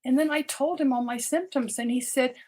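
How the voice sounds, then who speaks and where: A woman's voice: sits high, fairly quick, a little mellow. An older woman, a doctor, telling her personal story as a podcast guest, earnest and often repeating words as she restarts her sentences.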